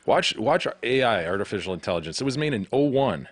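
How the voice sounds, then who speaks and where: A man's voice: medium pitch, sing-song, quick pace. A man co-hosting a casual podcast, chiming in with short, dry remarks. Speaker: podcast co-host.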